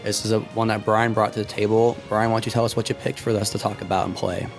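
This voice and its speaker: Raspy male podcast host, low-pitched, laid-back casual chat, faint background music. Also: level tone, fast talker.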